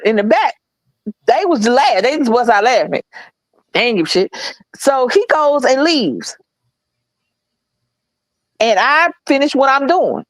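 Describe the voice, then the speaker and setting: A woman co-hosting a podcast, telling a work story in a blunt, profane, animated way. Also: high voice, no room sound, poor audio. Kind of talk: casual storytelling chat.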